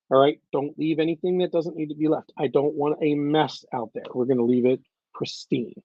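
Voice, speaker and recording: A man's voice: on the high side, fairly even intonation, fairly quick, no room sound, phone-quality sound. A man organizing a reenactment event, briefing attendees in a casual livestream with an earnest, coaching manner, repeating key points and checking in with "okay?". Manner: earnest, repetitive, coaching tone with frequent "okay?" and "all right, guys".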